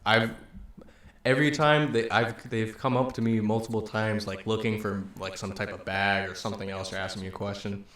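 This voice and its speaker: A man's voice: on the low side, fairly even intonation, fairly quick, fairly bright tone. A man in casual podcast chat, asking long, rambling questions and sharing stories. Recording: echoey room.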